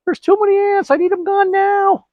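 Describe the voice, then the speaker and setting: A man putting on a squeaky, panicky voice to play a frantic homeowner overrun by ants. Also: flat delivery, moderate pace, no room sound, narrow, tinny audio. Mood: panicked. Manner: panicky whining.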